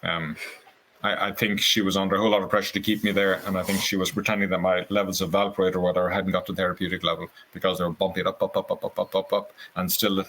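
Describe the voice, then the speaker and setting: Deep-voiced man telling a personal story. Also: fast talker, a little hiss or hum, poor audio. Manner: earnest, animated retelling with quoted voices. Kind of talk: casual storytelling.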